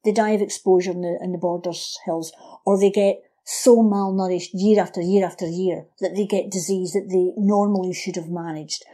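A woman, explaining history in a casual podcast chat as a lively storyteller who acts out the voices she quotes. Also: on the low side, moderate pace.

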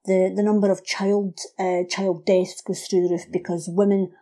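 A woman, explaining history in a casual podcast chat as a lively storyteller who acts out the voices she quotes. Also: mid-range voice, normal speed.

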